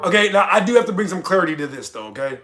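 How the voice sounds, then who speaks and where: Loud high-pitched American man ranting. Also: rapid-fire, soft background music. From United States. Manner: loud, animated, cussing rants. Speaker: streamer reacting to chat. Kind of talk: casual livestream commentary.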